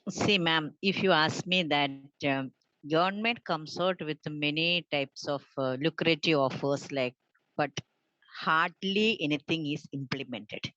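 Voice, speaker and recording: Lady on a video call, earnest, lots of uhs, lowish voice, dull dry sound. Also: fairly bright tone, dry recording. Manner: earnest, halting, many fillers. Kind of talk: unscripted panel talk.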